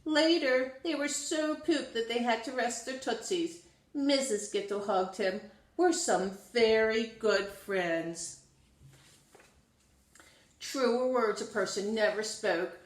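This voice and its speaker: A woman reading a children's storybook aloud in an expressive, sing-song storytelling manner. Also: a little high, a little slow. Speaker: storybook reader. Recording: roomy echo.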